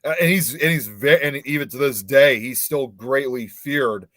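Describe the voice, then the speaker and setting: A man's voice: medium pitch, normal speed, a bit bright, dry recording. Man chatting casually on a podcast. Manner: rambling, stumbles on names, reads notes aloud. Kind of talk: casual horror podcast chat.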